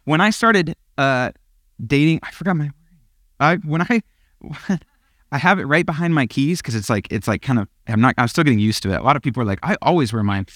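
A man's voice: fairly high pitch, lively intonation, fairly quick, a bit bright, dry recording. Young male pastor, casual storytelling sermon, self-deprecating and giggly, close dry mic. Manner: chatty and self-deprecating, laughs often, goes off on tangents.

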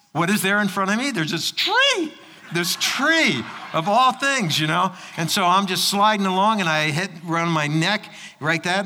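Pastor, male, high bright voice, preaching a sermon with lively storytelling, reverb of a church hall. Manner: storytelling, acting out voices in anecdotes.

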